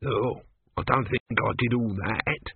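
A man's voice: medium pitch, very animated, moderate pace, creaky, noisy background. A man voicing a small male god stuck as a tortoise, grumbling in an offhand, sulky way. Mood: doubtful. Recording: tinny phone-like dry recording.

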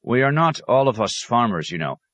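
A man voicing a clever male scholar who speaks in a courteous, measured, diplomatic way. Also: medium pitch, very animated, fairly bright tone, dry recording, voice pushed up. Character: polite, clever male scholar, a traveling outsider.

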